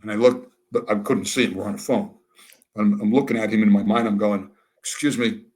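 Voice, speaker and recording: A man's voice: fairly low pitch, fairly quick. An older American man telling candid stories in an interview, acting out both sides of conversations with dry humor. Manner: animated, acts out dialogue with a dry wit. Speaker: interview guest. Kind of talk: candid storytelling.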